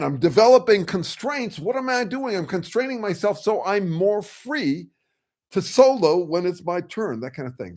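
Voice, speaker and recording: Rambling frank man. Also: fairly high pitch. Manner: rambling, frank, swears, restarts mid-phrase. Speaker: host. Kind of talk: casual discussion on a video call.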